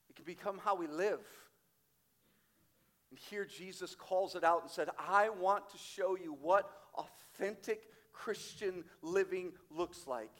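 A man preaching a sermon as pastor, emphatic, slowing down for quoted scripture. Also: high-pitched. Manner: emphatic, varies loudness widely, slows on quoted scripture. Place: church sanctuary.

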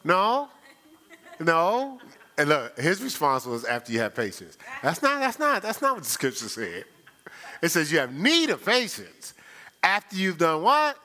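A man's voice: a little high, huge pitch swings, unhurried, bright, forceful tone. A male pastor preaching a sermon, playful and teasing with his congregation.

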